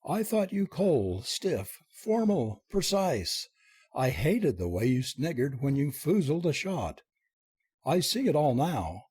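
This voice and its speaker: A man's voice: on the high side, big pitch swings, slow pace, a little mellow, breathy edge, heavily acted. A man reading aloud and voicing a passionate young woman who gushes and wails in a storybook. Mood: wailing. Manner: gushing, wailing and breathless.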